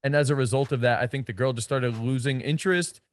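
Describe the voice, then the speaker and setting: A man's voice: medium pitch, fast. A man giving a casual coaching talk as a dating coach, blunt and slangy, with frequent swearing and emphatic stresses.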